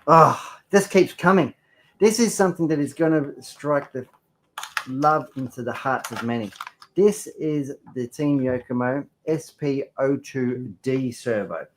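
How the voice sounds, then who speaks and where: A man's voice: mid-range voice, unhurried, slight background noise. A young man with a playful, enthusiastic manner, presenting hobby products in a casual chat.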